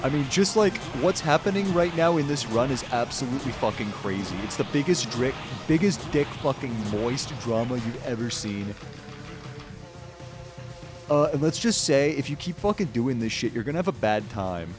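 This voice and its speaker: A man's voice: mid-range voice, animated, normal speed, over music, natural voice. A man voicing a wisecracking male skeleton with a Boston accent and a loose, mock-serious bragging manner.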